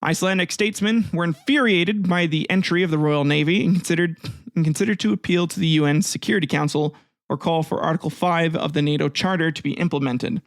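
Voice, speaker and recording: A man's voice: a little high, fast, dry recording, clean studio sound. A man hosting a comedic history podcast, telling events in a profane, irreverent way and often laughing. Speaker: podcast host.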